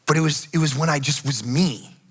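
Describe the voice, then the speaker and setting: A middle-aged male pastor preaching a sermon in a casual, conversational way, telling stories and acting out quick asides. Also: fairly high pitch, breathy edge. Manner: conversational, animated storytelling with acted asides. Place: church sanctuary. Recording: reverberant church hall.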